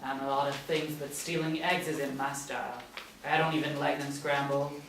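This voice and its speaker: A man's voice: a little high, steady tone, moderate pace, fairly bright tone, a little hiss or hum. A man reading a cool schoolboy rebel. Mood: laid-back. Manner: laid-back, charming. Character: cool smooth-talking schoolboy troublemaker. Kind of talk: table read of a TV pilot. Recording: roomy, distant mic.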